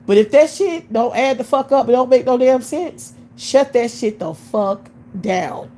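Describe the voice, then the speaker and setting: A woman's voice: fairly high pitch, lively intonation, a little slow, warm tone, poor audio. A woman in her late thirties ranting bluntly on a live stream, scornful and swearing constantly. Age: 30s. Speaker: livestream host. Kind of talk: profane live-stream rant.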